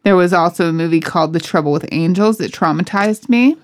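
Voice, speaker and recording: A woman co-hosting a podcast, relaxed and chatty as she shares trivia about an actress's films. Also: lowish voice, a little fast. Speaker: podcast co-host. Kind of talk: casual chat about film cast trivia.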